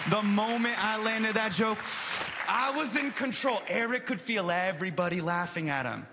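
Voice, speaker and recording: A man doing animated stand-up storytelling on a live stage, acting out the people in his story. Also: high-pitched. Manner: animated, acts out characters. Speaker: stand-up comedian. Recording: loud live crowd and noise.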